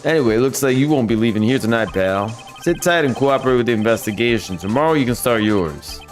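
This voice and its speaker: A man voicing a blunt, gruff male police detective who keeps calling people pal. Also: mid-range voice, expressive, fast, soft background music, lightly acted. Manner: brash, keeps saying "pal".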